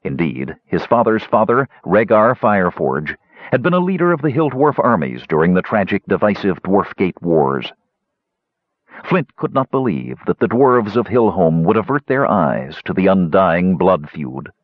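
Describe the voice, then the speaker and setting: A man with a low, husky voice narrates a fantasy novel in measured storytelling. His pitch moves expressively through the lines. The recording sounds dull and dry. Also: big pitch swings, no room sound. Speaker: audiobook narrator. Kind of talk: scripted narration.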